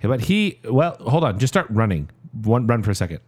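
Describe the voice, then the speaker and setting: A man's voice: mid-range voice, big pitch swings, a little mellow. A man co-hosting a casual movie podcast, enthusiastic, stopping and restarting his sentences. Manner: halting, many restarts, enthusiastic. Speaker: podcast co-host. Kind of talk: casual chat about movies.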